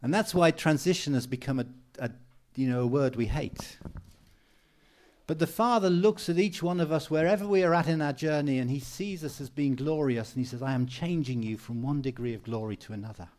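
Man, preacher, sermon, earnest, encouraging, slightly high voice. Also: a little fast, darkish tone. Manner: earnest, encouraging, repeats phrases for emphasis; mimics people for humor with raised voice.

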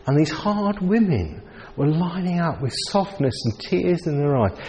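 A man preaching a sermon into a handheld mic, telling stories in a lively way and acting out the people in them. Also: medium pitch, slight background noise. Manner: lively storytelling with voiced characters. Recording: long hall reverb, faint ambience.

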